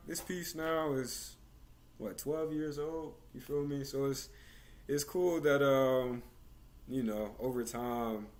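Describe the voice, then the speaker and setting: Laid-back slangy man hosting a video call. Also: medium pitch. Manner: relaxed, slangy, many fillers and restarts. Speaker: host. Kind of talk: casual conversation.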